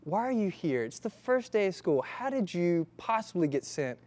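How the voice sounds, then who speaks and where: A man voicing a calm school principal who speaks quietly and in a measured way. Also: high voice. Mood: puzzled.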